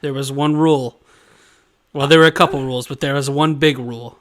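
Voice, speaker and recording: A man's voice: mid-range voice, steady tone, brisk. A young man co-hosting a podcast in casual chat, reacting with short remarks and jokey asides. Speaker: podcast co-host.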